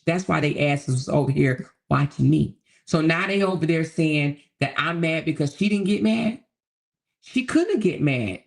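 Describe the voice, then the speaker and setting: Sassy, gravelly woman from DC. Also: low voice, darkish tone. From Southeast Washington, DC. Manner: sassy, profane, talks straight to viewers. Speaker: livestream host. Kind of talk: unfiltered gossip commentary to a live chat.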